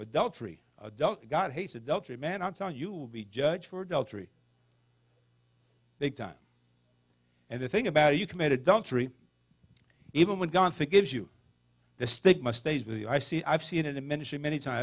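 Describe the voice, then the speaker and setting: A man's voice: a little high, slightly rough. A middle-aged man preaching a folksy sermon as a pastor, throwing in call-and-response asides to the congregation.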